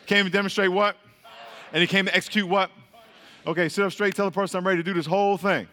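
A man's voice: high-pitched, fairly even intonation, fast, pushed and bright. A man preaching to a congregation in call-and-response style, repeating his questions, drilling the crowd and laughing often. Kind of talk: call-and-response Bible teaching. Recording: long hall reverb.

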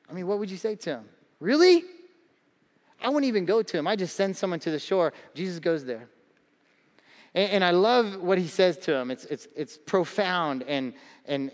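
A pastor in his thirties preaches with playful energy, slipping into acted-out voices as he tells stories. His voice sits a little high for a man. The sound carries a long reverb from a large church hall. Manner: animated storytelling with acted-out voices and humor. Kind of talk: sermon.

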